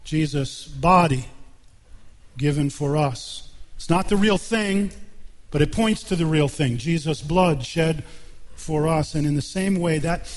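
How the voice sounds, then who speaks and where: Male pastor, mid-high voice, earnest emphatic sermon delivery. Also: unhurried. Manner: earnest preaching with emphatic repetition. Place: church.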